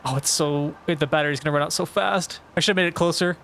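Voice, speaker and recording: A man's voice: fairly high pitch, fairly even intonation, quick pace, creaky, fairly bright tone, a little hiss or hum. A young man streaming a video game, talking to chat and getting frustrated, swearing and exclaiming at the game. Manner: talks back to chat. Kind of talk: live gameplay commentary.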